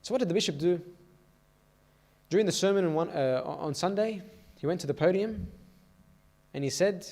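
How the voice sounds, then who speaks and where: Youth speaker, male, slightly raised pitch; church sermon told through stories, keeps asking "all right?". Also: expressive, moderate pace, long pauses, a little mellow.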